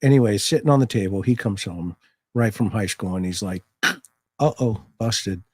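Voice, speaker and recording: A man's voice: fairly low pitch, brisk, breathy edge, dry recording. Folksy older man telling a story. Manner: folksy, steady storyteller, fatherly. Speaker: guest. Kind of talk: casual chat.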